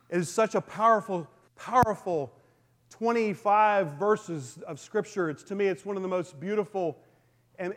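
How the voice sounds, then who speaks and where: A man preaching a sermon, telling the story earnestly and often restarting his sentences. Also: high-pitched. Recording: long reverb of a large hall.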